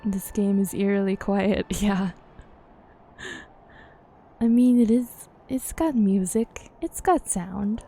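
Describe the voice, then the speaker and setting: A woman's voice: medium pitch, takes it slowly, pauses often, mellow, breathy edge. A woman streamer chatting casually while she plays, with frequent giggly asides. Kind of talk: casual game commentary.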